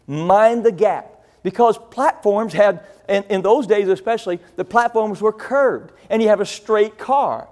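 A man's voice: high-pitched, normal speed, few pauses, darkish tone. A middle-aged man from rural Illinois preaching a sermon, telling a long family story in a folksy, rambling, self-deprecating way. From rural Illinois, USA. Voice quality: deaf in one ear. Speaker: pastor.

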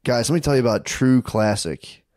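A man's voice: mid-range voice, moderate pace, a little mellow, no echo, clean studio sound. A man hosting a podcast, chatting and joking between ad reads, laughing often and swearing freely. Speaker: podcast host. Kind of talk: casual chat and read ads.

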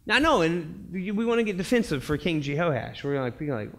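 A man's voice: high-pitched, a little fast, hardly any pauses. A young man giving a casual, conversational sermon as a pastor, telling stories and acting out quotes. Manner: animated storytelling, acts out quotes, laughs often. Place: church sanctuary.

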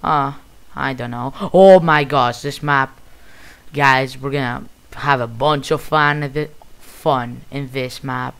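A man with a Greek accent giving casual, excitable commentary while playing a video game. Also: medium pitch, takes it slowly, vocal fry, clean tone. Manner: excitable, bursts of loud exclamations. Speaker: gamer.

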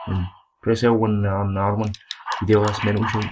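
A Scottish man giving excited, foul-mouthed let's play commentary, trash-talking the game as he plays. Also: lowish voice, brisk. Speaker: gaming commentator. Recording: noisy home recording.

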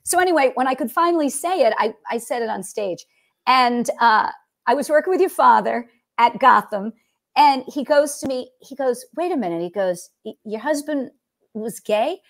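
High-voiced woman, rambling storyteller. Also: expressive, moderate pace, vocal fry. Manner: rambling storyteller who acts out quotes. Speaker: guest comedian. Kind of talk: casual podcast storytelling.

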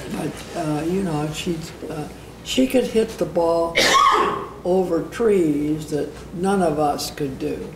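An older woman recalls old times at a leisurely, drawn-out pace, dotting her stories with fillers and little laughs. She sits away from the microphone in a roomy space, and a clear hiss of noise runs under the archival recording. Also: on the low side, sing-song. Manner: unhurried storytelling with frequent fillers and soft laughs. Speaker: interview guest. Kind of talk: casual reminiscing conversation. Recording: roomy, distant, noisy archival interview.

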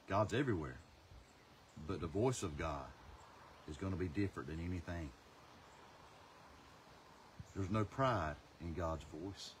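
A man's voice: low-pitched, a little hiss or hum. Passionate evangelist man preaching. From North Carolina. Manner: passionate, swings from loud to hushed. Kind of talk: sermon. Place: outdoors.

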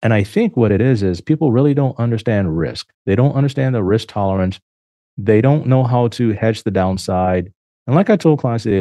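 A man's voice: on the low side, lively intonation, fairly quick, warm tone, no room sound. A man hosting a financial advice podcast, talking emphatically and acting out his clients' lines in quotes. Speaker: financial advisor and podcast host. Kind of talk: solo podcast talk.

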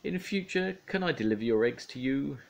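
A man's voice: medium pitch, animated, fairly quick, gravelly, pitched above the performer's own voice. An older man voicing a weary, put-upon male farmer who speaks politely but fed up. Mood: exasperated.

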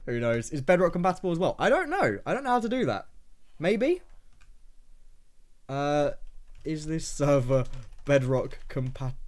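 A man hosting a casual livestream from his home desk, rattling off quick greetings to viewers in an upbeat way. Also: medium pitch, darkish tone. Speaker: streamer host.

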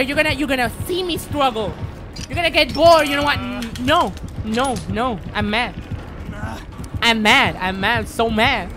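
Excitable high-voiced swearing woman streamer. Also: a little slow. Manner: excitable, swearing, yelling at teammates. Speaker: streamer playing a game. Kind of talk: live game commentary.

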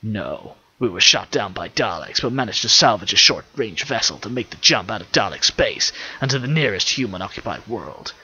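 Brief: man reading a weary, suspicious stranded officer for an audiobook, low and guarded, bright-edged voice on slightly dull audio. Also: sing-song, moderate pace, hardly any pauses, breathy edge, heavily acted.

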